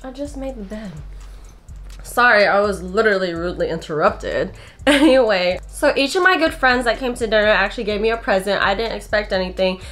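A woman's voice: medium pitch, animated, a little fast, fairly bright tone. A young woman in her twenties gushes through a casual show-and-tell of her gifts, sounding a little out of breath. She chats easily and giggles often, recorded at home in her bedroom. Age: 20s. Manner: chatty and gushing, giggles often. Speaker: vlogger.

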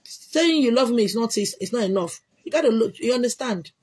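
A woman with a Nigerian accent hosting a casual livestream, answering viewer comments in an emphatic, repetitive way with loud exclamations. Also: a little high, animated, fairly quick, slightly rough. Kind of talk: casual chat.

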